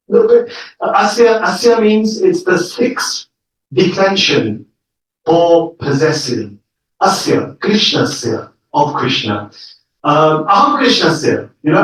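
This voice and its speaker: A man teaching a live scripture class, explaining each word step by step and checking in with the audience. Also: high-pitched. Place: lecture room with an audience. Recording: echoey room, mic far off.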